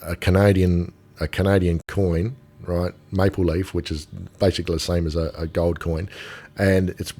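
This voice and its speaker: Husky-voiced Australian man, low and lively. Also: normal speed. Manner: animated storyteller, acts out quoted voices. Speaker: gold dealer guest. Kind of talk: casual podcast chat.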